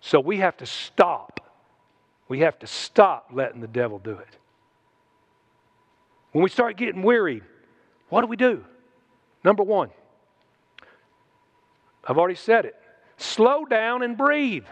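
Folksy preacher man, high voice. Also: lively intonation, unhurried, pauses often. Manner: folksy, conversational preaching with humor. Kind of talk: sermon.

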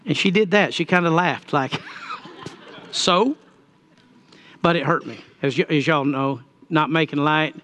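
A man's voice: on the high side, normal speed, few pauses, fairly bright tone. A middle-aged man preaching a sermon, telling a story in a folksy way and building to emphatic points. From Texas. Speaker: pastor.

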